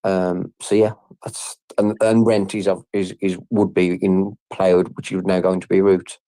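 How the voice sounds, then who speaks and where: A man's voice: low voice, level tone, measured pace, warm tone, no echo. A man on a group audio call explaining his team's game plans, with frequent fillers and restarts. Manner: hesitant, many fillers and restarts. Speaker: game project team member. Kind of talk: casual group audio chat.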